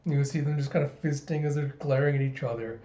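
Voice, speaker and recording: A man's voice: medium pitch, fairly even intonation, fast, mellow. A man casually recapping a cartoon episode for viewers, chatty and loose, recorded in a roomy, slightly dull room. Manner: chatty, retelling with 'it's like'. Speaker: anime reactor.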